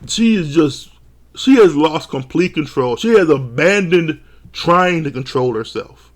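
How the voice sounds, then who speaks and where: A man recapping a reality show episode in a casual, animated way, swearing often and acting out quotes. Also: on the high side, a little slow. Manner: animated, swears a lot, quotes people in jumpy voices.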